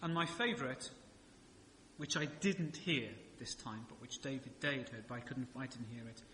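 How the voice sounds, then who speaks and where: Here a pastor's mid-range voice comes across pushed and bright as he preaches at normal speed, asking rhetorical questions and slipping in funny asides. The recording has the reverb of an echoey church hall plus a faint hiss or hum.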